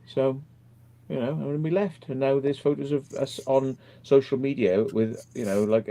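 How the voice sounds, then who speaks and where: A man's voice: medium pitch, dark tone, slight background noise. A man chatting on a live stream in a rambling, tired way, swearing freely. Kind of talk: casual chat on a live stream.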